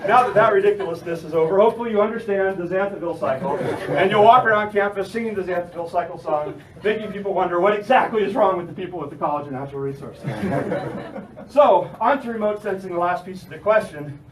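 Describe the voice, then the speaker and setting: A man's voice: high-pitched, fast talker, recorded from a distance, a crowd in the background. A young man presenting his graduate research in a lecture room, upbeat and laughing at himself. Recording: roomy room from afar.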